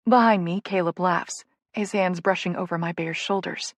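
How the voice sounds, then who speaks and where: A woman's voice: on the low side, steady tone, normal speed, no room sound. A woman narrating a first-person romance audiobook in an intimate, playful way, on a close studio mic.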